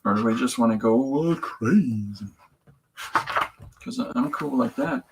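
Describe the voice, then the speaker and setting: With background noise behind him, a man speaks a little fast in a sing-song, mid-range voice touched with vocal fry. He's a streamer drawing comics live, joking and rambling with lots of false starts.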